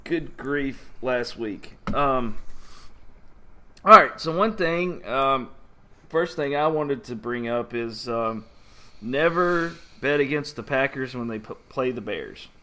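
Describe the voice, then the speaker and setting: A man's voice: mid-range voice, animated, takes it slowly, pushed and bright. A man co-hosting a casual sports podcast, laughing often and steering the talk from topic to topic.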